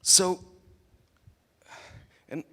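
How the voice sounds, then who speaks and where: A Scottish conference speaker jokes his way through a funny talk on stage, teasing the crowd bluntly. He speaks very slowly in a pushed, bright voice.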